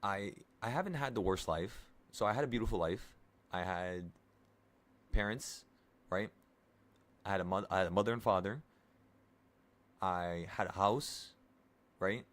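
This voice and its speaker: Twenties male trading streamer, lowish voice, casual rambling coach. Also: measured pace, long pauses, fairly bright tone. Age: 20s. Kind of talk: casual live trading talk to viewers.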